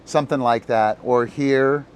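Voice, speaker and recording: A man's voice: mid-range voice, steady tone, measured pace. A man with a mid-range voice walks viewers through disc dog technique on a live stream, taking his time over every point. He rambles loosely with lots of fillers and keeps turning aside to talk to his dog. Faint noise hums in the background. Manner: rambling, full of fillers, talks to his dog between explanations. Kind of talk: casual live-stream coaching.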